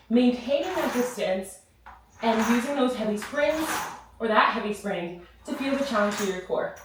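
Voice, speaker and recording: The fairly high-pitched voice belongs to a breathless Pilates instructor cueing a follow-along workout with encouragement and counted reps, with background noise present. She's in a reformer studio, heard through a far-off mic with an echoing room sound.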